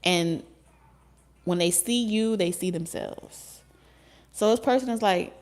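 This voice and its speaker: A woman giving a casual tarot reading, talking in an animated, joking way with frequent laughs and casual swearing. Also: mid-range voice, slow, pauses often. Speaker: tarot reader.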